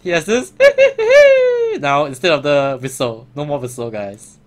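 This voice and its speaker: Man, gaming vlogger, casual commentary, chatty, laughs a lot, lively pitch. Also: moderate pace. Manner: chatty, animated, laughs often.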